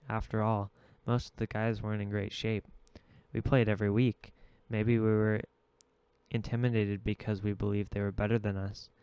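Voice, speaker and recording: A man reading a novel aloud in steady, measured audiobook narration. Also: fairly low pitch, smooth, no room sound. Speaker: audiobook reader.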